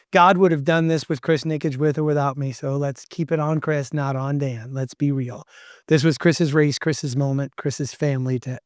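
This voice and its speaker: A man's voice: medium pitch, a little mellow, no room sound, clean studio sound. A middle-aged man, a podcast guest, talking earnestly and emphatically like a motivational speaker. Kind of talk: casual interview talk.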